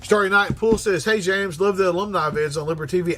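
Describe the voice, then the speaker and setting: A man in his fifties with a fairly high-pitched voice hosts a casual livestream. He reads the chat aloud and answers bluntly, swearing freely. His delivery is animated and often quick. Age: 50s. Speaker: livestream host reading chat.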